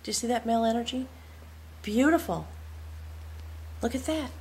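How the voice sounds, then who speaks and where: A woman's voice: on the high side, normal speed, slight background noise. Awed woman giving a tarot reading. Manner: awed and reverent, dropping to soft whispers. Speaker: tarot reader.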